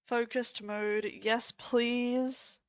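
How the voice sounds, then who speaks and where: A woman's voice: fairly high pitch, level tone, drawn-out words, smooth, dry recording. A young Australian woman, stoned, chatting crudely with her stream chat and swearing freely.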